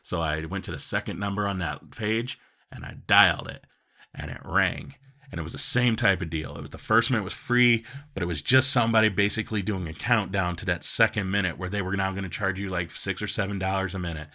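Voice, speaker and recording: A man's voice: low voice, brisk, pushed and bright. A man telling a comic story from his own life in a rambling, self-mocking way, full of fillers.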